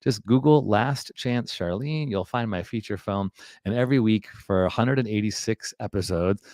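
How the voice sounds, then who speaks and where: A fairly low, smooth and resonant man's voice, hosting a live video chat from home. He is from Chicago and talks in an upbeat, chatty way. The sound is dry and close. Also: darkish tone, no room sound. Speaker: host. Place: home setup with branded backdrop. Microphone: video call.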